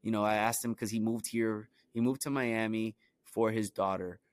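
A man's voice: fairly low pitch, fairly even intonation, moderate pace. A young man from Brooklyn, New York, telling stories from his own life in a loose, rambling way, with plenty of "you know" and "like" fillers. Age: young adult. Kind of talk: casual storytelling.

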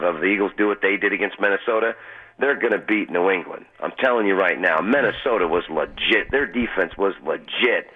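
A low-voiced man talks quickly and boastfully as a betting guest on a radio show. His voice comes through a thin, tinny phone line. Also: slightly rough. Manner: boastful, fast storytelling. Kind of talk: casual radio interview. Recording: phone-line call-in audio.

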